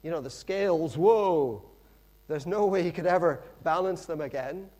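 Middle-aged preacher guy telling a story, chatty asides, voice a bit on the high side. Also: a little fast. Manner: lively storytelling, acts out characters, conversational asides. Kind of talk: sermon.

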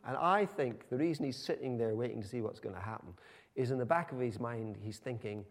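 A man's voice: mid-range voice, fairly quick. A man preaching a sermon in a conversational, emphatic storytelling manner.

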